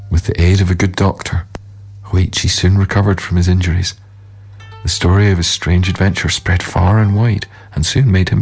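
A man narrating a storybook tale in a measured, solemn way, with a husky voice. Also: deep voice, a little mellow, faint music behind.

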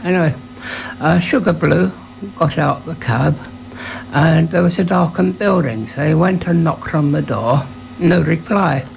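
A radio presenter telling a relaxed anecdote before playing a record, with a few hesitant fillers. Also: medium pitch, measured pace, vocal fry, a little hiss or hum, poor audio. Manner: relaxed storytelling with fillers and acted quotes.

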